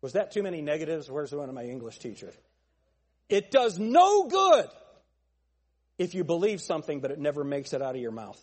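A man preaching a sermon as pastor, emphatic and pointed, asking the congregation rhetorical questions and building to shouts. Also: on the high side, lively intonation, very fast, hardly any pauses, slightly rough.

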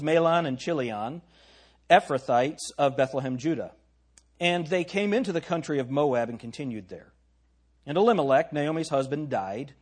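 Husky, higher-voiced male preacher, reads scripture and jokes with the congregation. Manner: reads old-style scripture, breaks off for joking asides to the congregation. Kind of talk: sermon reading scripture aloud.

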